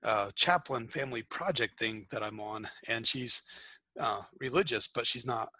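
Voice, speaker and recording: Rambling, self-mocking man, very bright voice. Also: mid-range voice, moderate pace, no echo. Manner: rambling anecdotes, self-deprecating humor. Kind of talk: casual chat, storytelling. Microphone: video call.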